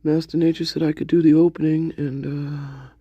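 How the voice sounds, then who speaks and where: A man's voice: a little high, level tone, normal speed, dark tone, breathy edge, dry recording, muffled recording. A man co-hosting a late-night livestream, laughing often, repeating himself and greeting viewers by name. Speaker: livestream co-host. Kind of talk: casual livestream chat.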